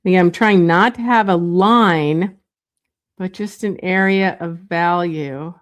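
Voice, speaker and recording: Slow, chatty woman teaching drawing. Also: lowish voice. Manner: thinks aloud while drawing, meandering and self-correcting; relaxed and chatty, with light laughs. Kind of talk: live drawing demonstration.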